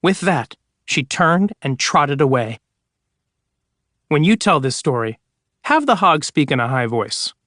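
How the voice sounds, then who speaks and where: A man's voice: a little high, sing-song, measured pace, pauses often, fairly bright tone, no room sound, studio quality. Man reading spooky stories aloud. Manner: dramatic storytelling. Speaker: audiobook reader. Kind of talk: scripted audiobook narration.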